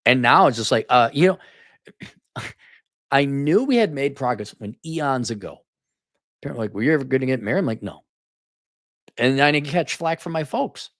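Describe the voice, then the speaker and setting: A middle-aged man hosts a livestream, reading viewer donations aloud and replying with blunt, profane sarcasm and frequent mocking impressions. His mid-range, slightly bright voice has lively intonation, a measured pace, and long pauses. He uses a studio mic in a soundproofed home room, giving an echo-free, studio-quality sound.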